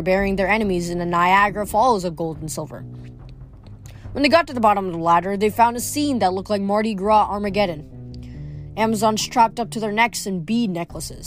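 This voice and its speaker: A woman reading a novel aloud, expressive, with small slips now and then. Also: medium pitch. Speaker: audiobook reader.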